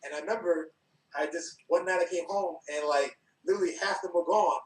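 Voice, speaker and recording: A man from New York, a guest on a podcast, telling stories with laughter and acted-out quotes in a relaxed chat. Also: high voice, a little fast. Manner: animated, acts out quotes, laughs often. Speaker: podcast guest, former wrestler. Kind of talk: casual storytelling chat. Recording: roomy, from a distance.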